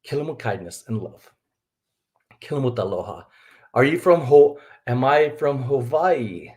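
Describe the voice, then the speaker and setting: A middle-aged man from Texas hosting a casual live stream, rambling warmly to viewers with frequent laughs. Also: medium pitch, lively intonation, measured pace. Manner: rambling, chatty, laughs often, talks to viewers as folks. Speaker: livestream host, reseller.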